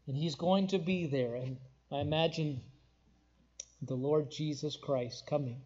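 A young man delivering a sermon, his voice pitched high for a man. He climbs into ringing, emphatic declarations and then sinks to soft, tender passages. The recording is dull and lo-fi. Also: unhurried, husky. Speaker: pastor.

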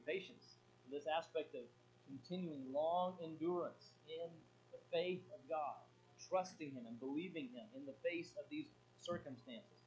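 A middle-aged man preaches with a voice pitched a little above most men's. He shifts between forceful emphasis and quiet asides. The recording is muffled, with a faint hum underneath. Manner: animated, swings from emphatic to quiet. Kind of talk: sermon with audience interaction.

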